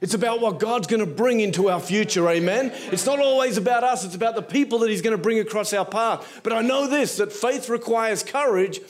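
A man preaching to a congregation in a lively storytelling way, acting out the people in his story. His voice sits notably high for a man. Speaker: guest preacher. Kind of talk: storytelling sermon.

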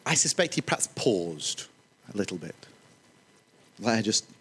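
A man preaching a sermon, animated, with joking, self-deprecating asides. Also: on the low side, normal speed, a little hiss or hum.

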